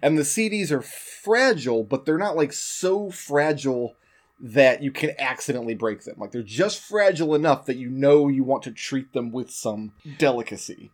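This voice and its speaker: A young man co-hosting a casual podcast chat, animated and jokey, drawing out his stories. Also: mid-range voice, moderate pace. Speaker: podcast co-host.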